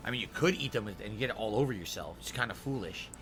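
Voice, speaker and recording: A man's voice: on the low side, expressive, fast talker, fairly bright tone, faint music behind. A man chatting casually while eating a meal on stream, murmuring between bites and talking with his mouth full.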